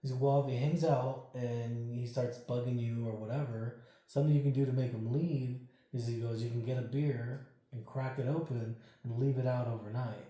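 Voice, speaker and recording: Male interview guest, casual storyteller with a mellow, dark tone who acts out the lines and curses freely, in a very echoey room. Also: medium pitch, moderate pace. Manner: animated, acts out quoted dialogue, swears freely.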